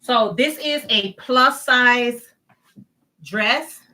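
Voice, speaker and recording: A woman hosts a casual crochet livestream. Her voice is bright and clear. She chats easily, greets viewers by name and reads their comments aloud. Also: fairly high pitch, drawn-out words.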